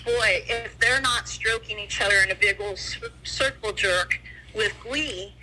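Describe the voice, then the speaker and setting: A woman's voice: medium pitch, a little slow, bright, forceful tone, slight background noise, rough recording. A woman in grief, speaking bluntly and from the heart as a guest on a casual podcast chat, with swearing. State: grieving. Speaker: guest on the line.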